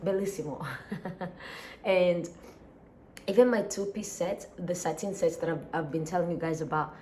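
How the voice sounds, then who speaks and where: A sleepy woman with an East African accent rambles through a relaxed daily vlog. Her voice sits low and mellow, soft rather than bright. A faint hum of room ambience lies under it. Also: moderate pace. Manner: relaxed, rambling, sighs and laughs often. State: sleepy and tired. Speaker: daily vlogger. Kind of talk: casual chat.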